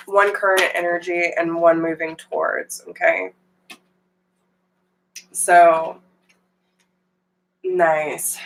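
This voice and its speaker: A young woman reading tarot live, chatting warmly with viewers, greeting them by name and saying y'all. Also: lowish voice, slight background noise, low-quality recording. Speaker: tarot reader.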